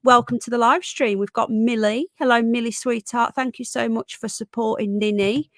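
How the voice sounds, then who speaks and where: A woman's voice: on the high side, steady tone, moderate pace, no echo. Chatty woman greeting viewers. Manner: greets viewers by name with endearments. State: voice going hoarse. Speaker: live stream host. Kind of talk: casual live stream chat.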